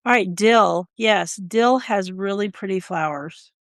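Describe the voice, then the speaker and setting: A woman co-hosts a gardening podcast, chatting casually and telling stories with frequent laughter. Her voice is mid-range and a little slow, recorded in studio quality with no room sound.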